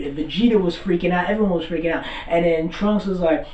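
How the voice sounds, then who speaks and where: A man in a casual, excitable recap rant about an anime, rambling, swearing and filling gaps with "blah, blah". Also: on the high side, fast, hardly any pauses. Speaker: anime commentator. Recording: roomy, far from mic.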